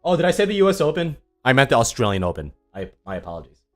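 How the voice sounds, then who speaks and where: A man's voice: medium pitch, big pitch swings, racing, soft background music. A young man chatting casually on a livestream, sarcastic and rambling with lots of ums, answering viewers. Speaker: tennis YouTuber streaming live.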